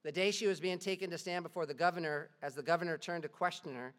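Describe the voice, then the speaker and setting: Preacher telling stories, big hall reverb. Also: male voice, fairly high pitch, quick pace. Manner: earnest storytelling, casual modern phrasing. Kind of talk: sermon.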